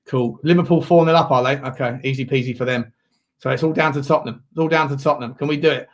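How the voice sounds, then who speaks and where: A man hosting a live football watchalong, calling the match and chatting to viewers, with sudden loud shouts when chances come. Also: on the high side, fast. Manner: excitable, shouts at big chances, chats to viewers.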